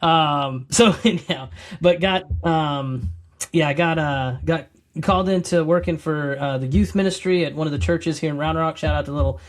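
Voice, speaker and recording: On a podcast, a middle-aged guest tells his testimony in an easygoing, rambling fashion, frequently backing up to begin again. His voice is a little high and moves at a normal speed. Animated throughout, he plays out his own lines like a storyteller.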